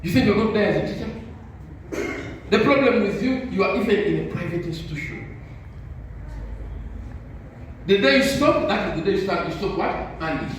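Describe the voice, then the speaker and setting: An older man lectures teachers in a high, lively voice that leaps up and down. He is preachy and insistent and keeps pausing mid-sentence so the crowd can fill in the word. He sounds distant, with heavy echo and faint hiss. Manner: call-and-response, leaves sentences open for the audience to finish with "what?". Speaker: motivational speaker. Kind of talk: motivational talk to teachers. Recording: echoey hall from far off with faint noise.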